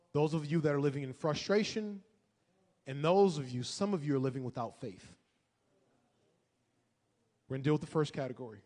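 Man, pastor, sermon, emphatic, rhetorical questions, fairly high voice, echoey church hall. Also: darkish tone.

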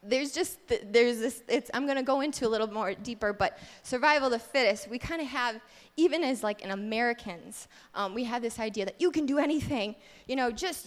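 A woman with a fairly high voice teaches a casual sermon in a candid, self-deprecating way. Her words ring with a long hall reverb, as in a church sanctuary. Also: expressive, fairly quick, few pauses.

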